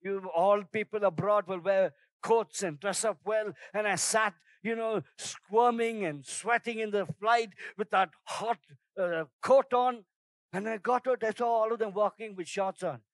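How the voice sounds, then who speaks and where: High-voiced preaching man, dry sound. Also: unhurried, no echo. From outside Singapore, first trip abroad. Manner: storytelling, animated shouts in anecdotes. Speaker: pastor. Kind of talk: sermon.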